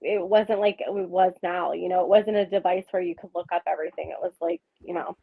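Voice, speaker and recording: A woman's voice: lowish voice, fairly even intonation, brisk, vocal fry, slightly rough, no echo. Giggly chatty woman, sound a bit muffled and dry. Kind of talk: casual nostalgic chat. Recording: slightly dull lo-fi sound.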